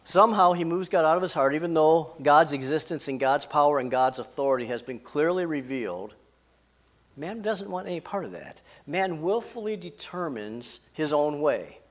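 A man preaching a sermon, emphatic, rising and falling in loudness and pace. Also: fairly high pitch, lively intonation, moderate pace. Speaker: pastor.

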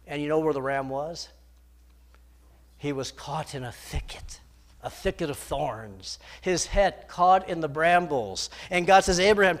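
High-voiced preacher guy, dramatic, gets loud then goes real quiet. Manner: dramatic, emphatic, swings from loud to hushed. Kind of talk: sermon.

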